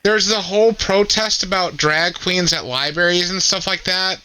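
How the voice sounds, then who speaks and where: A man's voice: high-pitched, normal speed, bright, forceful tone, smooth, rough recording. A man co-hosting a podcast in casual chat, often stopping and restarting his sentences. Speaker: podcast co-host.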